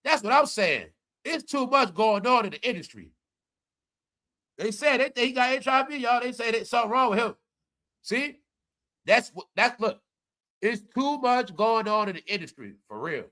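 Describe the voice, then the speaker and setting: A man hosting a live commentary stream, talking straight to his viewers in an animated, preachy way. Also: very high voice, moderate pace, long pauses. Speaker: commentary livestream host.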